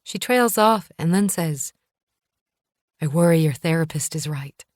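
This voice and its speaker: An anxious aging mother, fretful and unsure of her own memory, as a woman narrator reads her. Her voice sits low, recorded dry and close. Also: expressive, a little slow, darkish tone, dry recording.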